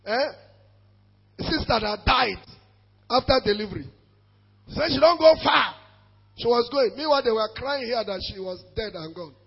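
A man preaching a sermon as pastor, emphatic, with shouted calls for the congregation to repeat after him. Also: extremely high pitch, animated, normal speed, gravelly, long pauses, husky, highs cut off.

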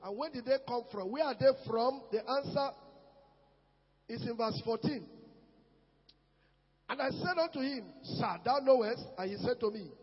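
Fervent high-voiced man preaching. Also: normal speed, long pauses, slightly rough, in a large hall, dull audio. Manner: fervent, shouting, repeats phrases, reads scripture aloud. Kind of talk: sermon.

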